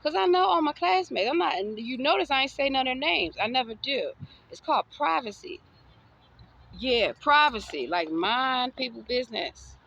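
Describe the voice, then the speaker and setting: A woman's voice: sits high, expressive, normal speed, gravelly, a bit bright, highs cut off. A woman from the States, giving a sassy, defiant, preachy motivational monologue. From Southern United States. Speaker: vlogger.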